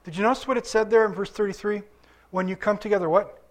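An older pastor, still recovering from illness, preaches to his congregation in a high-pitched, steady voice and talks fast. His manner is conversational; he poses questions and waits for answers.

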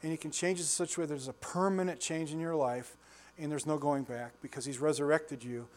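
A man's voice: on the high side, fairly even intonation, brisk. Folksy chuckling older male preacher. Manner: folksy storytelling, chuckles often, asks listeners questions. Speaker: pastor. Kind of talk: conversational sermon.

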